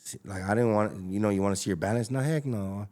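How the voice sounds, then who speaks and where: A man's voice: on the low side, quick pace, warm tone. A man, telling his story as a podcast guest in an emphatic, slangy way. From Los Angeles, USA. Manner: emphatic and slangy, with many fillers and repeats. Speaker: podcast guest, taco business owner. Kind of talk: casual storytelling.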